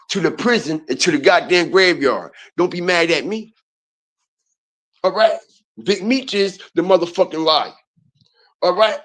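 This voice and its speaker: A man hosting a commentary channel, ranting in a loud, profane and mocking way and talking straight to his viewers. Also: high voice. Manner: loud, profane, mocking, repeats "all right" and "y'all".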